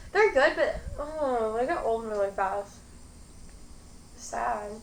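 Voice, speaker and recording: A young woman in her twenties chats and rambles through her meal, her voice sitting a little high. She fills her talk with "like". The sound is roomy, recorded on a phone with a faint hiss behind her. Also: animated, slow, creaky. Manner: rambling, chatty, heavy use of "like". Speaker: mukbang host. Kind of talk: casual chat while eating.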